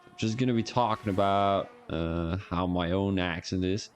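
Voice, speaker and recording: A man with a Belgian accent gives loose live-stream commentary on a racing league. His voice sits low, and he rambles from joke to self-mocking joke. Faint music plays quietly behind him. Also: normal speed.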